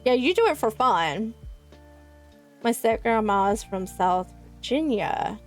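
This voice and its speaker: A woman's voice: on the high side, expressive, slow, faint music behind. A young woman from South Carolina with a Southern accent, chatting to her stream chat in a rambling way. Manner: chatty, rambling, many likes. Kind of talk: casual chat with live chat.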